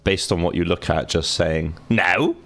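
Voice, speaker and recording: A man's voice: low voice, a little slow, a bit bright. A young man streaming a game, chatting casually and cracking sarcastic jokes while he reads the game text aloud. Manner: joking, sarcastic asides while reading. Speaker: gaming streamer. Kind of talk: casual let's-play commentary, reading game text aloud.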